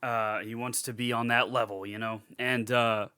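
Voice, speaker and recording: A man's voice: mid-range voice, flat delivery, moderate pace, sharp tone, smooth. A young man recapping a movie in casual podcast chat, rambling with lots of fillers and swearing freely. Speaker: podcast co-host.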